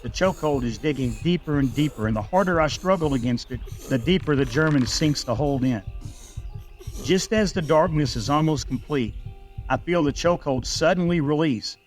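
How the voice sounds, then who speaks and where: A man reading a scripted first-person story in a steady, measured way. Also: on the high side, faint music behind.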